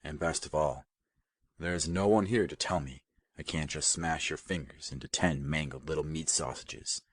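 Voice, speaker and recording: A man voicing a soft-spoken, sadistic male army lieutenant who talks mildly and amiably while threatening, in an audiobook. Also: sits low, expressive, fairly quick, breathy edge, no echo, exaggerated voice. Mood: mild menace. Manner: mild, amiable, quietly menacing.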